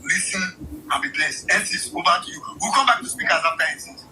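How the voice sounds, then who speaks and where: A Nigerian man hosts an online audio room, talking in an animated way and slipping into Pidgin. His voice runs high and bright. Faint noise sits under the audio. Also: quick pace, low-quality recording. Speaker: host.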